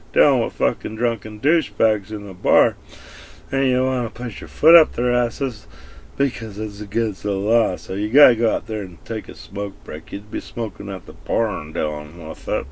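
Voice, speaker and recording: A man's voice: fairly low pitch, vocal fry. A man ranting casually and crudely to the camera, swearing constantly and rambling from one point to the next. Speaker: vlogger. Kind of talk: casual rant.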